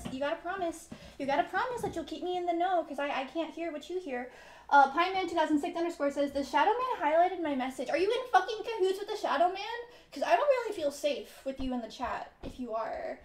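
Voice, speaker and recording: A woman streaming live from her room at home, chatting with her viewers in a profane, melodramatic comic way and mock-complaining about them. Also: high-pitched. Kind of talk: casual live-stream chat with chat readouts. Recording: roomy echo, faint music behind.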